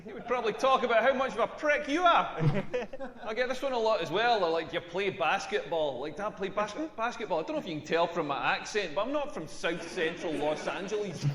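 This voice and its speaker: Male actor as a tall Scottish comic in a game; raised pitch, crude rambling jokes, roomy reverb. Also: brisk, crowd noise, lightly acted. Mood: deadpan. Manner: crude, rambling, self-mocking. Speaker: stand-up comedian. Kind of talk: stand-up comedy routine. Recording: echoey hall with long reverb.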